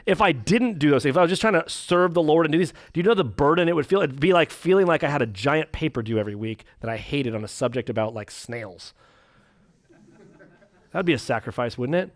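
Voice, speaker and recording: Animated, joking male pastor lecturing. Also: fairly high pitch, no room sound, clean studio sound. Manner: animated, jokey, acts out quick voices. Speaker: pastor teaching a class. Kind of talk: church class lecture, reading quotes and riffing.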